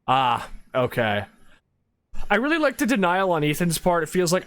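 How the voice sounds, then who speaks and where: A woman's voice: on the low side, very animated, normal speed, fairly bright tone. A woman streamer in casual gaming chat, rambling and profane, laughing often.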